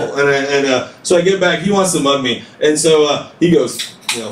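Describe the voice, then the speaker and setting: A man's voice: fairly high pitch, fairly quick, few pauses, fairly bright tone. Rambling stand-up comic man, roomy and distant. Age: late 20s. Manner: loose, rambling storytelling with crowd work. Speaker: stand-up comedian. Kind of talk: stand-up comedy set. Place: basement comedy room with live audience. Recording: roomy live recording from a distance.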